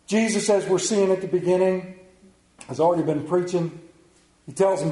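A man preaching a sermon, telling Bible stories and acting out the characters, swinging between loud bursts and quiet low passages. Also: moderate pace, long pauses, echoey room, poor audio. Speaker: pastor.

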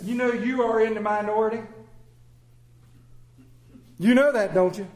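Pastor guy mid sermon, goes loud then drops way down soft, echoey church room. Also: moderate pace, pauses often, a crowd in the background. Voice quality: dramatic swings between loud emphasis and hushed low lines. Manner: repeats phrases for rhetorical build. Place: church sanctuary with congregation.

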